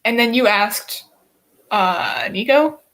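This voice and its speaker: Young woman, higher pitch, casual chat guest, short answers. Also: animated, slow pace, fairly bright tone. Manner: brief replies, laughs often.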